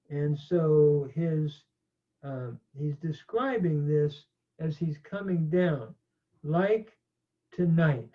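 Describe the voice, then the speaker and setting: Slow halting man, tinny sound. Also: fairly high pitch. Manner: slow, halting, many "uh" fillers. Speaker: teacher. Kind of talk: grammar lecture. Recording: tinny phone-like audio.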